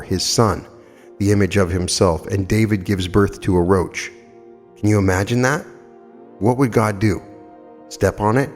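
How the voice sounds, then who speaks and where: A man's voice: fairly low pitch, darkish tone, big-room sound. A man in his fifties giving a spiritual lecture, telling anecdotes earnestly and emphatically with rhetorical questions. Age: 50s. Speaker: metaphysical lecturer.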